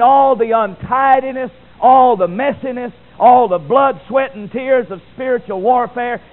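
A man preaching with a high, ringing voice. He drives points home with loud emphasis, then drops to hushed, solemn lines. The sound is thin and phone-like. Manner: emphatic, swinging from loud declarations to quiet, solemn asides. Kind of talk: sermon. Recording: tinny phone-like recording.

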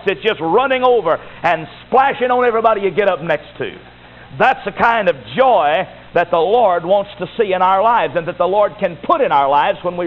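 A man preaching a sermon as a Baptist pastor, emphatic and repetitive, building to rising exhortations. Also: fairly high pitch. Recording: tinny phone-like recording with faint hiss.

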